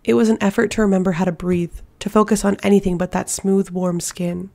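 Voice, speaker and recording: A woman reads a fantasy novel aloud as audiobook narration, her voice hushed and steady. A gravelly rasp marks her tone, at a middling pitch for a woman. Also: brisk. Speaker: audiobook reader.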